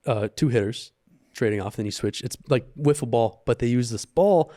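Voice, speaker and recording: A man's voice: medium pitch, normal speed, warm tone. Young guy telling stories on a podcast. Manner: storytelling, trailing "bro" and "dude". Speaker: podcast co-host. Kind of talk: casual chat.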